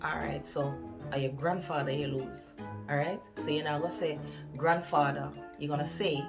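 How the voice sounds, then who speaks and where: A woman's voice: low-pitched, fairly even intonation, moderate pace, over loud music. Woman acting a bossy Jamaican coach. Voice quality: Jamaican patois, firm and instructive. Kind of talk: comedy web drama acting.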